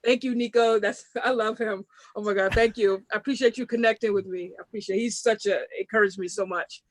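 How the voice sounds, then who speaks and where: A man with a high voice thanks the hosts effusively over a video call. He sounds a little far from the mic, dry and close-up otherwise. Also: steady tone, fairly quick, no room sound. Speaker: open mic performer.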